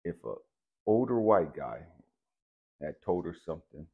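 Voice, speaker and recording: A man telling a personal story to the camera in an animated, profane, emphatic way. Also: low-pitched, measured pace, husky, phone-quality sound. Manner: animated, profane, keeps saying "stay with me, I'm going somewhere". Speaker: channel host.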